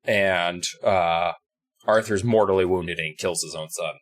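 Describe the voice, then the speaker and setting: A man's voice: low-pitched, measured pace. A young man co-hosting a podcast, recapping a story in a profane, rambling, jokey way. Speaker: podcast co-host. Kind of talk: casual comedic recap.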